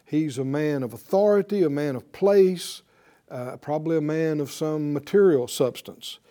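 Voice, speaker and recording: A man's voice: a little high, moderate pace, mellow. A man teaching a Bible lesson in sermon style, emphatic and putting rhetorical questions to his listeners.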